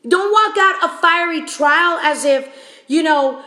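High-voiced emphatic woman preacher. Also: measured pace, bright, forceful tone, roomy sound. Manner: emphatic and repetitive, acts out panicked questions. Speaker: podcast preacher. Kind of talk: sermon teaching.

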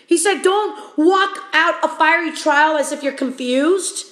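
A woman's voice: high voice, measured pace, fairly bright tone, roomy sound. A woman preaching a sermon on a podcast, stressing each point through repetition and acting out panicked questions. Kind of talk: sermon teaching.

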